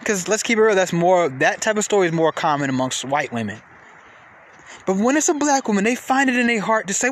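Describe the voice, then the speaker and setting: A man rants at full tilt from inside a vehicle, his high, bright voice leaping up and down as he swears and repeats himself. His talk is loose and animated, like an exasperated podcast host. A faint hum of the vehicle stays underneath. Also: fairly quick. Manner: animated, profane, repetitive, with sudden pitch jumps. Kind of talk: casual rant.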